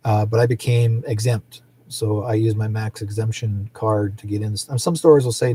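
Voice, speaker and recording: A middle-aged man rambles on casually as the host of a psychic livestream, his voice husky and dark. He drifts from story to story and laughs often. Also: lowish voice, fairly even intonation, normal speed. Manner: rambling, chatty, laughs often, acts out quoted people.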